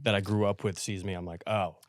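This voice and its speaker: Young podcast host, dry close sound. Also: male voice, low-pitched, level tone, quick pace, dry recording. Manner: laughs often, reflective, trails off softer. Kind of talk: casual chat.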